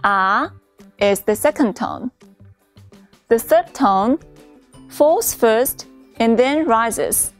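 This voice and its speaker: A woman teaching a beginner's pronunciation lesson in a clear, patient scripted dialogue. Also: a little high, animated, drawn-out words, pauses often, darkish tone, faint music behind. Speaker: Chinese teacher.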